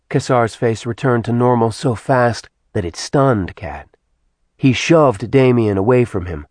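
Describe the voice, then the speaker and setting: A man reading an audiobook in measured, even storytelling narration. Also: medium pitch, no echo. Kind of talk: scripted narration.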